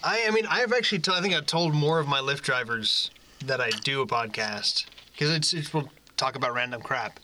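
A man hosting a podcast, chatting and joking in quick banter. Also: medium pitch, lively intonation, pushed and bright, a little hiss or hum. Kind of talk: casual chat.

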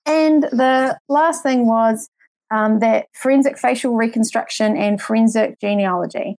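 A woman's voice: fairly high pitch, measured pace, a little mellow, dry recording. Chatty New Zealand woman, dry close sound. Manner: rambling, hedging, many fillers. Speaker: podcast guest. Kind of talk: casual podcast chat.

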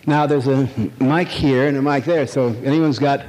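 A man's voice: medium pitch, steady tone, normal speed. A man giving a live lecture to an audience, rambling, wry and irreverent. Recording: long hall reverb, faint noise.

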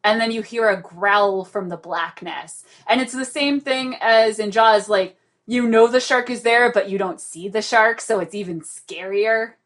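A woman's voice: mid-range voice, a little slow. A woman hosting a podcast, chatting casually and animatedly with frequent laughter. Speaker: podcast host.

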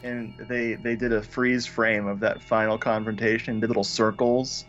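A man's voice: fairly low pitch, flat delivery, moderate pace, a bit bright, highs cut off, faint music behind. A man co-hosting a casual movie review chat who shares trivia with enthusiasm and stumbles on his words. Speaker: podcast co-host reviewing a movie.

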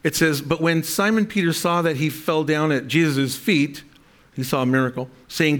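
Man preaching a sermon, slightly high voice. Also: normal speed, a bit bright. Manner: reads scripture aloud, then explains it with frequent restarts; speaks to a congregation, asking for amens. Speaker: pastor.

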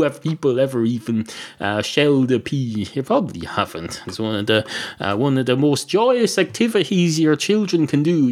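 A man's voice: fairly high pitch, darkish tone. An Irish man hosting a comedy podcast, ranting in a rambling, sarcastic and sweary way. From Ireland. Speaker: podcast host. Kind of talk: comic monologue.

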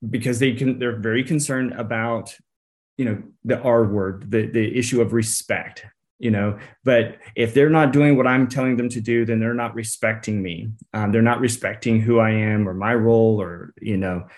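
A man's voice: on the low side, steady tone. A man co-hosting a parenting podcast, talking things through thoughtfully with frequent restarts. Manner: thoughtful, halting, restarts phrases with "um" and "you know". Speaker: podcast co-host, psychologist. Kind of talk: casual advice chat.

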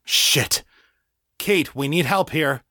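Man doing a frantic shouting young man. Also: fairly high pitch, takes it slowly, no echo, clean studio sound, voice pushed up, full character voice. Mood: urgent. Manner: shouting, commanding.

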